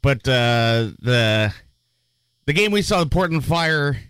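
A man's voice: mid-range voice, animated, slow pace, fairly bright tone, smooth, no echo. Jokey man in casual chat. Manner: jokey, hesitant, with frequent restarts and sound-effect gags. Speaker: podcast co-host.

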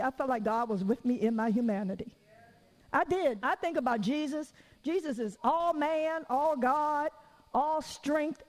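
A woman's voice: high-pitched, a little mellow, long reverb tail. A middle-aged woman preacher giving a conversational sermon, telling stories, acting out what people said and adding joking asides. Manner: storytelling, acts out quoted voices, joking asides.

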